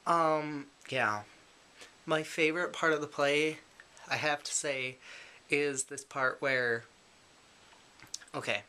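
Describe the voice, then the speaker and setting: A man's voice: mid-range voice, bright, forceful tone, smooth. A man chatting casually to the camera in a daily vlog, rambling with lots of fillers and self-deprecating asides. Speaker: vlogger.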